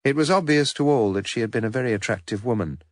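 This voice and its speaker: A man reading a detective novel aloud as an audiobook narrator, in a measured, dry storytelling manner. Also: medium pitch, no echo. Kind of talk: scripted narration.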